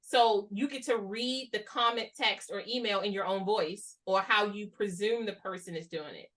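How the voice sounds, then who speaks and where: A woman hosting a casual conversation, talking in an animated, slangy way and acting out the voices she quotes. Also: mid-range voice, normal speed. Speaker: host.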